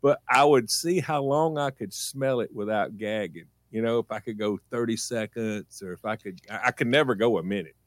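A man who is a regular on a morning radio show, telling childhood stories in a rambling, animated way. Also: lowish voice, normal speed, hardly any pauses, no room sound, studio quality. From rural United States. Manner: animated, rambling anecdotes with self-corrections. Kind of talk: casual storytelling on morning radio.

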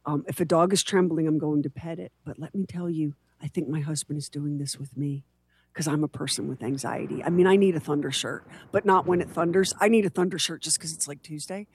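A woman co-hosting a casual podcast chat, animated and joking at her own expense. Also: low-pitched, a little fast, slightly rough. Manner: animated, joking, self-deprecating. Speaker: podcast co-host.

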